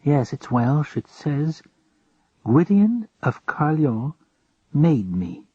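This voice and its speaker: Casting: man playing plain-spoken young sidekick, slightly raised, husky. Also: a little high, big pitch swings, slow pace, mellow, dry recording, voice pushed up, heavily acted. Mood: matter-of-fact. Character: helpful young male companion, matter-of-fact. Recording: dull lo-fi recording.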